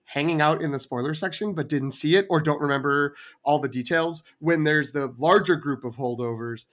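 A man co-hosting a casual film review podcast, retelling scenes with quoted lines and lively storytelling. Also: fairly high pitch, moderate pace. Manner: animated storytelling with quoted voices. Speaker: podcast co-host.

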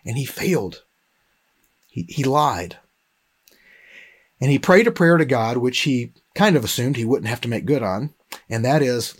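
Man, Bible teacher, slightly husky voice, storytelling sermon delivery, reads scripture aloud. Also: medium pitch. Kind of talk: sermon-style Bible lesson.

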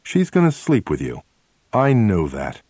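Man doing a calm confident older mentor, low voice, matter-of-fact, assured, dry close sound. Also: measured pace, slightly rough, dry recording, heavily acted. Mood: calm assurance.

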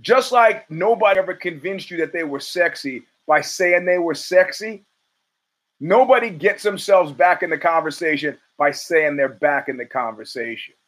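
A man's voice: fairly high pitch, normal speed, fairly bright tone, rough recording. A man hosting a podcast, delivering a blunt, profane, riffing monologue of opinionated sports commentary. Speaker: podcast host.

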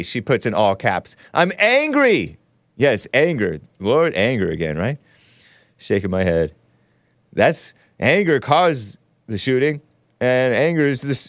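A man's voice: on the low side, no room sound, clean studio sound. Sarcastic male talk show host. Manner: sarcastic, mocking. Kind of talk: casual commentary.

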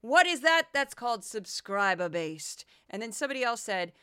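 Bright animated woman podcaster. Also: on the high side, normal speed, clean tone, dry recording, studio quality. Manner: animated, slips into goofy voices. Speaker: podcast host. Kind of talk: casual commentary podcast.

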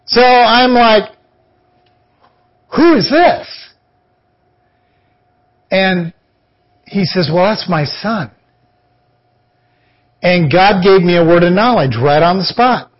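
A man's voice: high-pitched, takes it slowly, long pauses, highs cut off. A man preaching on a podcast, telling a personal testimony and acting out the voices of the people in it. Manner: animated, acts out quoted voices. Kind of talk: storytelling testimony.

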